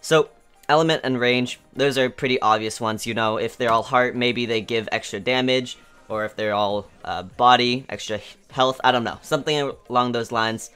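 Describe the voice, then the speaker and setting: Excitable man with a smooth voice. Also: mid-range voice, normal speed. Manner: excitable, rambling, lots of fillers. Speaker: gaming YouTuber. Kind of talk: excited game news commentary. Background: faint background music.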